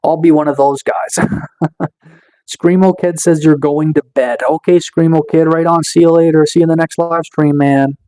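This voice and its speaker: A man's voice: a little high, fairly even intonation, dark tone, poor audio. Laid-back man livestreaming. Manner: slow, laid-back, chill delivery with many fillers. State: recovering from a cold. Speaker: livestreamer reading chat. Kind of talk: casual livestream chat.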